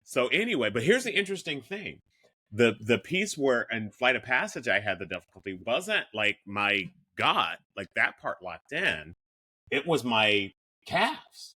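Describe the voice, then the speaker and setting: A man in his fifties co-hosts a casual podcast, chatting candidly, poking fun at himself, and restarting often. His mid-range voice is sing-song, husky, pushed and bright, and he speaks a little slowly.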